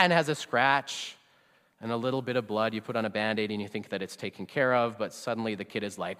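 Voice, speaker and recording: A man preaching a sermon as pastor, conversational, often trailing off soft and low at the ends of phrases. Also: a little fast, long reverb tail.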